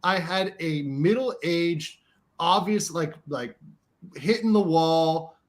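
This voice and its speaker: A man from the United States talks in a loose, rambling way, full of "like" and "right?" and casual swearing. His voice sits a bit high for a man. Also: slow. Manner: rambling, filler-heavy, profane, keeps asking "right?". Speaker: co-host. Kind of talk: casual chat.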